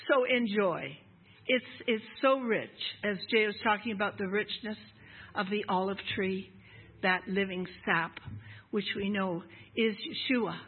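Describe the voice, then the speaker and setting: A woman's voice: on the high side, breathy edge. An older woman preaching a sermon to a congregation in an emphatic, impassioned way. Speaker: guest speaker at a congregation. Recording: lo-fi, phone-like sound.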